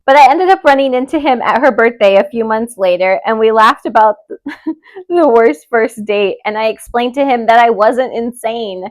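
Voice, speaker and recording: A young woman hosting a podcast, reading listener stories aloud and chatting in an expressive, openly emotional way. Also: a little high, normal speed. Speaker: podcast host.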